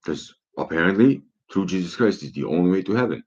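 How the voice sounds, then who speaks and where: A man's voice: low voice, expressive, a little fast, a little mellow, breathy edge. A man talking in a profane, rambling monologue full of rhetorical questions, on a dull lo-fi recording.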